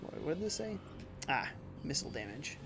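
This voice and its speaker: A man's voice: fairly high pitch, very animated, a little fast. A man casually commenting while he plays a video game live and reads chat messages aloud. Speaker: livestreaming gamer. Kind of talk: casual let's-play commentary.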